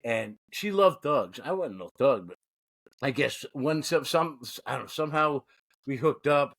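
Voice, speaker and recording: His mid-range voice carries vocal fry and moves a little slowly. In his forties, he co-hosts a casual podcast chat, spinning crude tales with plenty of swearing and laughing, all told with animation.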